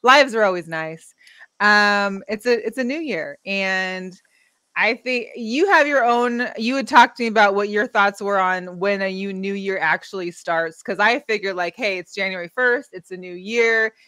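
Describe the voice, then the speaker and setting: A woman's voice: mid-range voice, normal speed, bright, forceful tone, dry recording. A woman co-hosting a casual sports podcast, laughing often and trailing off with hedges. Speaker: podcast co-host.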